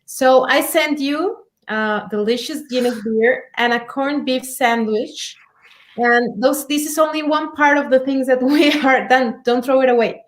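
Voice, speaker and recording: Friendly woman pitching restaurant deals. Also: unhurried, slight background noise. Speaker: restaurant commercial director. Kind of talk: casual promotional chat.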